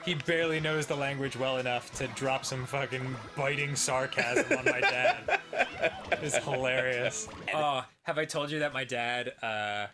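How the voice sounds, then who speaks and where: A man co-hosting a casual comedy show, telling family stories in an animated way and often laughing. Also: mid-range voice, a little slow, over music. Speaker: co-host.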